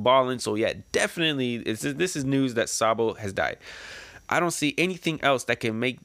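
A chatty man reading through a comic page by page. He mixes reading with loose speculation and plenty of fillers. The sound is close and dry, with a mid-range pitch. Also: sing-song, normal speed, vocal fry, fairly bright tone, dry recording. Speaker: comic reader and reactor. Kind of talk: casual read-through with commentary.

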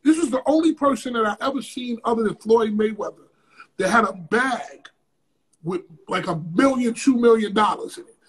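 A man guest in an interview, telling a story in a casual, profane, animated way with sudden loud bursts. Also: very high voice, normal speed, breathy edge.

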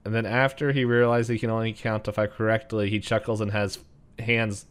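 A man's voice: lowish voice, level tone, brisk, clean tone. A man co-hosting a podcast, chatting casually and rambling a little as he recaps a movie. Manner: rambling, restarts, chuckles. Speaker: podcast co-host.

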